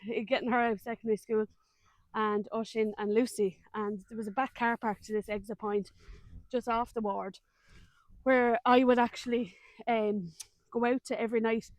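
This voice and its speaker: An Irish woman in her thirties tells her story as an interview guest, animated and chatty, her voice sitting fairly high. The sound is dry and close, with no room around it. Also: moderate pace, no echo. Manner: animated, colloquial storytelling with frequent laughs.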